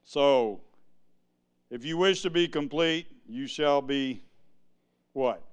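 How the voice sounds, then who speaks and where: A male preacher giving an exuberant sermon, breaking into sudden shouts and asking the congregation to answer him. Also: medium pitch, takes it slowly, smooth.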